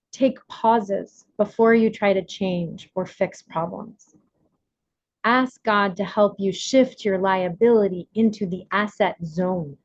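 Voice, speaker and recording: Running a recovery workshop on a video call, a lively woman dramatizes quotes with sharp jumps in pitch. The recording is muffled, though free of echo.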